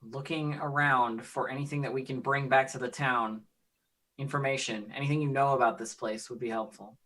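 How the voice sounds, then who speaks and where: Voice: medium pitch, fairly even intonation, moderate pace. A player in a tabletop game, talking boldly and playing their character. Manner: bold, shouts in character.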